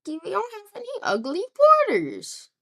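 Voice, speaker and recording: A woman improvising a rambling story narration, acting out groups of people in quick quoted asides. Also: very high voice, huge pitch swings, vocal fry. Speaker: map series narrator.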